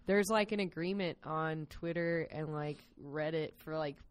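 A podcast host chatting casually, relaxed and teasing, sometimes searching for words. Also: male voice, on the high side, a little slow, clean tone. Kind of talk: casual chat.

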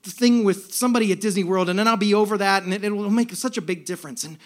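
A man telling a comic story live on stage in an animated, profane way. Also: high voice, quick pace.

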